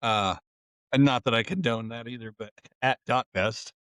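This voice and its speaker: Profane, excitable male co-host. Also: mid-range voice, moderate pace, clean tone, no room sound. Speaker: podcast co-host. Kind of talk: casual storytelling chat.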